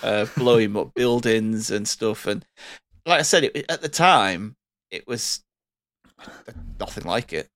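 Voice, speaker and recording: A man's voice: lowish voice, measured pace, a bit bright, no echo, clean studio sound. A man reminiscing in a casual podcast chat, rambling and enthusiastic. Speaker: podcast co-host.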